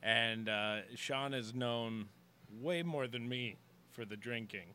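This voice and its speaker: A man's voice: mid-range voice, slow pace, bright, forceful tone, a little hiss or hum. A man co-hosting a casual chat, telling rambling, laid-back anecdotes full of fillers, recorded in a comedy club. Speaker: comedian co-host.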